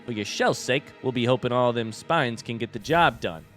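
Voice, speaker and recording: A man reading game dialogue aloud as gruff, businesslike male bug scrap merchants, drawling slowly in a put-on Boston and New York accent. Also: mid-range voice, expressive, fairly bright tone, faint music behind, lightly acted. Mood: haggling.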